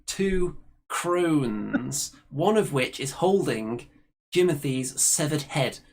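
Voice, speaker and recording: A man's voice: fairly high pitch, expressive, slow pace, gravelly. A man narrating a tabletop game as game master, dramatic and storytelling.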